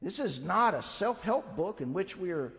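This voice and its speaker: A man's voice: high-pitched, very animated, normal speed, fairly bright tone. A man preaching a sermon as pastor, blunt and emphatic, his fervor rising as he drives points home. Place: church sanctuary. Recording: long hall reverb.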